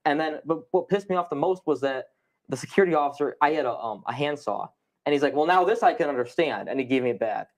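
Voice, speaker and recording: A young man, a podcast guest, telling a story in animated, fast casual conversation and swearing often. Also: a little high.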